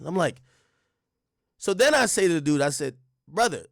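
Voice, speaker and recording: A man's voice: high voice, a little slow, vocal fry, long pauses, no echo, clean studio sound. A young man livestreaming, telling a story to his chat in a casual, profane way and acting out the back-and-forth with quoted voices. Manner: animated, reenacts exchanges with quoted voices; casual and profane, frequent restarts. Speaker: streamer.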